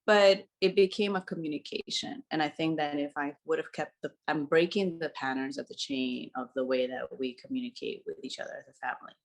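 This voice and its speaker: A woman with a low voice talks openly in a relaxed podcast chat. She is animated and laughs easily as she tells her stories. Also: fairly quick, vocal fry, hardly any pauses. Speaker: podcast co-host. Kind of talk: casual conversation.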